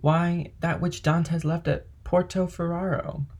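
A man voicing a scheming, envious male ship's clerk in an audiobook reading, with a husky voice. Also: on the high side, level tone, a little slow, a little mellow, voice pushed up. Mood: sly.

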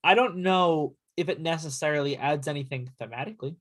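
Teasing man, slightly high voice. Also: brisk, fairly bright tone, slightly rough. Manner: teasing and playful. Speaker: podcast co-host. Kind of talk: casual chat about music.

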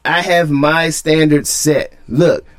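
A man's voice: a little high, slow pace. A man co-hosting a podcast, teasing and pushing his partner along in profane, heated sports talk. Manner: teasing, profane, pushy and animated. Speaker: podcast co-host.

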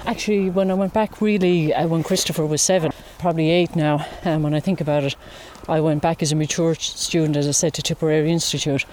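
A woman's voice: low voice, steady tone, a little mellow, slight background noise. Irish woman chatting outdoors by a lake. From Ireland. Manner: chatty storyteller, unhurried. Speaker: interview guest, wildlife photographer. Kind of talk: casual chat.

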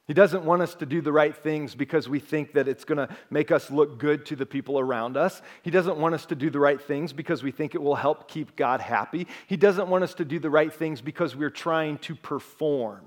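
Male pastor, high-ish voice, conversational sermon delivery, talks straight to the congregation.

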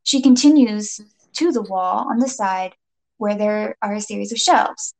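A woman's voice: mid-range voice, unhurried, vocal fry, a little mellow. A woman narrating a comic second-person adventure story with playful, dramatic delivery and jokey asides.

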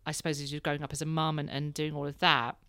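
Woman, thirties, candid casual chat, gravelly, dry close sound. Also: deep voice, level tone, quick pace, bright, forceful tone, dry recording. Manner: candid, laughs while telling stories. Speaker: podcast host, mother.

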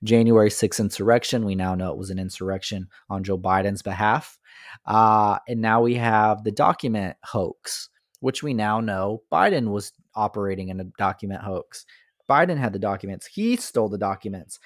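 A man's voice: on the low side, normal speed, dry recording. Sarcastic man ranting, dry close sound. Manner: sarcastic, mocking; ranting with rhetorical questions. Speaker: political commentator. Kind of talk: opinion monologue.

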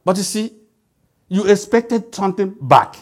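Emphatic male preacher, higher voice. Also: animated, measured pace. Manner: emphatic, quizzes the congregation with call-and-response questions. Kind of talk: sermon.

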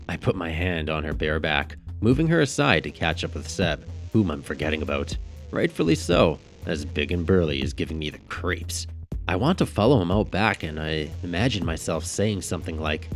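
Deep-voiced man narrating a story. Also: big pitch swings, moderate pace, faint music behind. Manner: casual, wry storytelling. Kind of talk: first-person audiobook narration.

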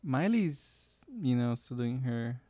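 A young man co-hosting a casual podcast, rambling, joking and swearing as he talks. His voice sits at an ordinary middle pitch. It is recorded close in a dry room. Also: expressive, takes it slowly, dark tone, no room sound. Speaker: podcast co-host. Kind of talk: casual chat.

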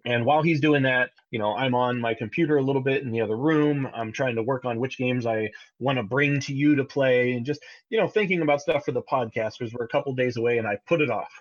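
A man in his thirties co-hosts a podcast, telling a family story in a casual, animated way and sometimes jumping high in pitch to imitate his child. He talks fast with few pauses, and the sound is lo-fi.

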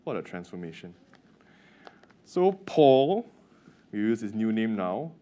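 Male preacher, native Mandarin speaker, lowish voice, chatty sermon that quizzes the room. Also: very animated, takes it slowly, dark tone. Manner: conversational, quizzes the congregation.

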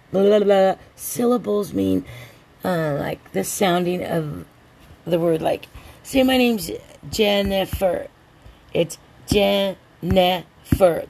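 A woman hosting a rambling solo podcast, a little drunk and stoned, drawling along and breaking into excited outbursts. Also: lowish voice, vocal fry, slightly rough. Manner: tipsy, meandering, slow drawl with sudden excited outbursts. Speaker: podcast host.

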